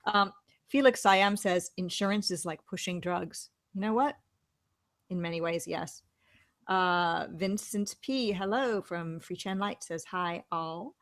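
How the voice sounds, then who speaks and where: A woman's voice: on the low side, a little slow, no echo. A woman hosting a casual chat show, talking freely and reading viewer comments aloud. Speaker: host.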